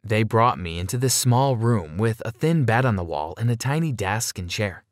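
Low-voiced man narrating a story. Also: expressive, normal speed, dry recording, studio quality. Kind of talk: scripted first-person narration.

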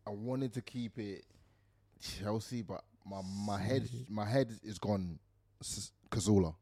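A man's voice: fairly low pitch, slow, warm tone, no echo. A man co-hosting a football podcast, chatting casually and rambling through his answers with laughs. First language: not Australian, puts on an Aussie accent. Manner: rambling, laughing, self-correcting. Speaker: podcast co-host. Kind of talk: casual chat.

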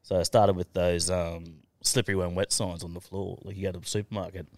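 A man with kids, telling crude, lively stories as a podcast guest and swearing freely. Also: low-pitched, brisk, no room sound. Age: adult with children. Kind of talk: casual storytelling chat.

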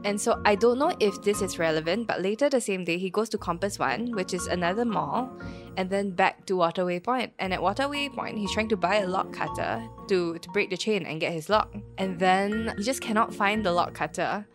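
A Singaporean woman co-hosting a podcast, telling a story in a casual, lively way with Singlish particles and frequent laughs. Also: mid-range voice, brisk, over music. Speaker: podcast co-host.

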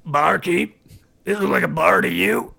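A man's voice: sits high, a little slow, gravelly, bright, forceful tone, breathy edge, exaggerated voice. A man voicing a crude, brash female barkeep from the backwoods who claims psychic powers. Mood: scornful. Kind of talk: improvised tabletop role-play.

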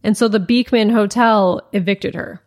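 A woman's voice: mid-range voice, normal speed. A woman tells a long story to her co-host in easy, conversational podcast chat. She slips into the voices of the people she quotes and leans on "like" as she goes. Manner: animated retelling, acts out quoted dialogue, many "like" fillers.

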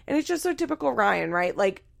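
A woman with a gravelly, fry-laced voice talks through a recap in loose, casual commentary. She is blunt and swears freely, and she slips into quick impressions of the people she quotes. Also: medium pitch, sing-song. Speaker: podcast host recapping a reality show.

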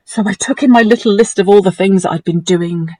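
On a talk show, a female guest recounts a painful personal story, animatedly imitating what other people said. Her voice is medium-pitched and a little fast, captured in a dry, rough recording.

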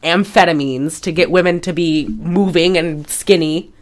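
Unhurried and fairly low-pitched, a woman co-hosts a podcast and gives an animated retelling of a film. The chat is casual, and she laughs often and curses freely.

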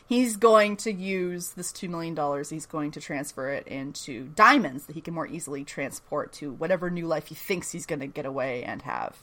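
A woman's voice: sits low, normal speed, hardly any pauses, fairly bright tone. A young adult woman co-hosting a podcast, recapping an episode in casual chat, laughing often, swearing and making playful asides. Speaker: podcast co-host.

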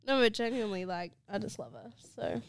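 A woman's voice: mid-range voice, fairly quick, gravelly, clear, resonant tone. A young woman co-hosting a podcast, chatting casually and rambling with frequent laughter. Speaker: podcast co-host. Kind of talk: casual chat.

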